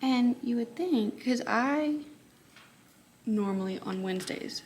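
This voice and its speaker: A tired young woman with a Texan accent, a high school math teacher chatting casually in a vlog and often dropping to a whisper. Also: animated, takes it slowly, long pauses, a little mellow, a little hiss or hum.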